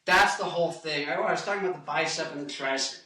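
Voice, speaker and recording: A man's voice: on the high side, fast talker, bright, forceful tone. A man in his twenties, a rock musician, rambling and joking on tangents in a casual vlog. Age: 20s. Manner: hyper, joking, goes off on tangents. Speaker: rock guitarist and singer. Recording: echoey room, mic at a distance.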